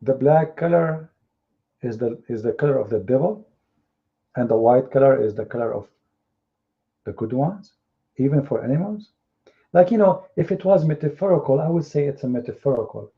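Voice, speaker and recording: A man's voice: medium pitch, expressive, normal speed, long pauses. A man hosting an online debate room, talking in a mocking, scornful way. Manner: sarcastic and scornful, acting out others in quotes. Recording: tinny phone-like audio.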